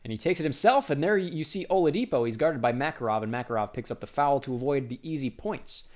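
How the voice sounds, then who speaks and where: A man in a mid-range voice calls a basketball game play by play. He names each pass in quick, clipped phrases and his voice jumps up when a big shot goes in. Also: medium pitch, lively intonation, a little mellow. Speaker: play-by-play commentator.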